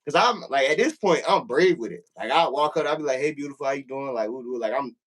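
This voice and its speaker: A man's voice: medium pitch, expressive, fast talker, a bit bright. A man telling a prison story in casual, profane talk, acting out the voices in the quotes.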